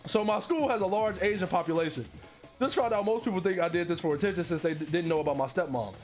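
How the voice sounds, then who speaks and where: A man with a strikingly high voice reads posts aloud and reacts in disbelief, swearing freely and breaking into laughter. Faint music plays softly behind him. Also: fast. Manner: profane, incredulous, laughs often. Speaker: streamer reacting to online posts. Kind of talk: casual reaction commentary, reading posts aloud.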